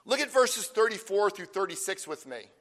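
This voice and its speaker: A man preaching a sermon, emphatic, with slow stressed phrases and rhetorical questions. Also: high voice, big pitch swings, a bit bright. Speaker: pastor. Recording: long hall reverb.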